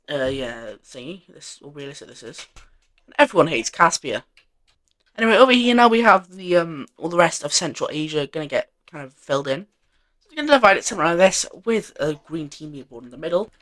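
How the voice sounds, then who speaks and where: A man's voice: fairly high pitch, fairly bright tone. A man narrating an alternate-history map in a casual, rambling way, full of fillers and offhand self-corrections.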